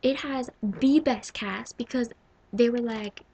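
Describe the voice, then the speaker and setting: A young woman in her twenties chats through her favorite movies in a casual vlog, her voice sitting a little high with a gravelly edge. She gushes freely and swings between loud exclaiming and hushed, breathy whispers. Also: takes it slowly, a little hiss or hum, low-quality recording. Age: 20s. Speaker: vlogger.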